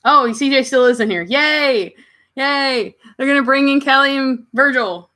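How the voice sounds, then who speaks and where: Speaking at a measured pace in a high-pitched voice, this Kentucky woman runs a casual livestream. With a Southern accent, she responds warmly to her chat and coos at her pets.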